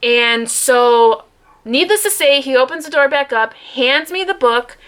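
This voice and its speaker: Chatty woman with a bright voice. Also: sits high, animated, measured pace, smooth. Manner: rambling, chatty storytelling with many fillers. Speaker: book vlogger. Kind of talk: casual chat. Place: room at home.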